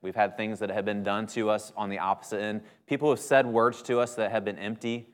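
A male minister preaches to his congregation in a relaxed, conversational way. He leans hard on key words for emphasis and keeps asking "right?". His voice rings out with a long reverb tail, as if filling a church hall. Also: on the low side, a little fast, smooth. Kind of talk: sermon.

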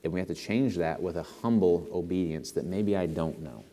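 A man preaching a sermon to his church, earnest and building to animated emphasis. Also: sits low, moderate pace, big-room sound, a little hiss or hum. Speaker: pastor. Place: church sanctuary.

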